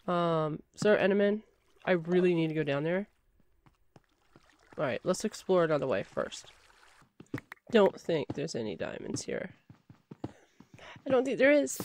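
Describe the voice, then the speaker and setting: A woman's voice: mid-range voice, no echo. A woman giving chatty let's play commentary, talking to in-game items and shrieking when startled. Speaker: gamer.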